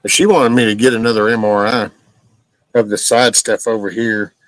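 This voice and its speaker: A man's voice: on the low side, fairly even intonation, normal speed, dry recording, poor audio. A man in his sixties hosting a casual live stream, chatting bluntly and folksily with plenty of profanity while answering viewer comments.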